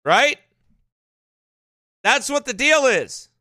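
A man's voice: very high voice, very animated, drawn-out words, sharp tone, no room sound, studio quality. A man speaking as a pastor in a sermon-style commentary, emphatic and repeating tag questions like "right?" and "eh?".

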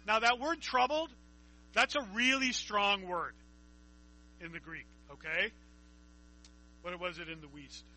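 A man's voice: high-pitched, measured pace, long pauses, sharp tone, slight background noise, low-quality recording. A man preaching a conversational Bible teaching, reading scripture aloud and asking his listeners questions.

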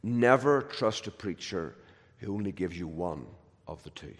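A man's voice: low-pitched, expressive, measured pace. Man preaching in an echoing hall. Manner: emphatic, repeats words, shifts between loud and hushed. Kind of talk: sermon. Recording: long hall reverb.

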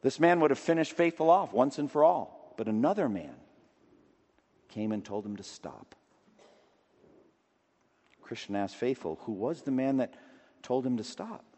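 A man preaching a sermon with emphatic delivery, rising to loud declamation and dropping low again. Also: animated, measured pace, long pauses. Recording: long reverb of a large hall.

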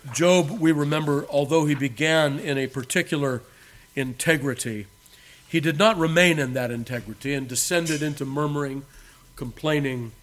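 A man preaches a sermon in a slightly high voice. He talks emphatically, building to loud declarations and dropping to hushed endings. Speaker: pastor.

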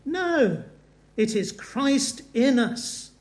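A man speaking the words of a devout young woman martyr, slow and earnest, with old-fashioned phrasing. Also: very high voice, big pitch swings, pitched above the performer's own voice, full character voice. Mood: fervent.

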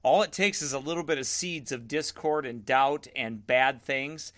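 A man's voice: mid-range voice, normal speed, fairly bright tone. A man pastoring a livestream, firmly answering viewer comments and repeating himself for emphasis. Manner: firm, defensive, repeats himself.

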